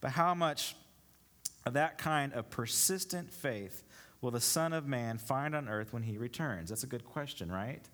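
A man's voice: medium pitch, a bit bright. Easygoing man preaching a sermon. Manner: easygoing, reads scripture slowly and deliberately. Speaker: pastor. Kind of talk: sermon with scripture reading.

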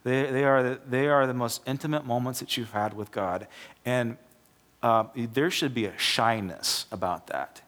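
A man's voice: mid-range voice, moderate pace, fairly bright tone. A young adult man, a pastor, preaching in a church in a loose, conversational way, often restarting his words as he tells a joke to make his point. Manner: conversational, repeats and restarts words, acts out quoted characters. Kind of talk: sermon with a joke told as illustration.

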